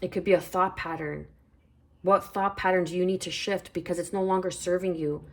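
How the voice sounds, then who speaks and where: A woman with a somewhat low voice speaks through a spiritual tarot reading. She is calm and reflective. She repeats phrases and reads card numbers aloud as she goes. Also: a little fast. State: hiccuping. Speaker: tarot reader.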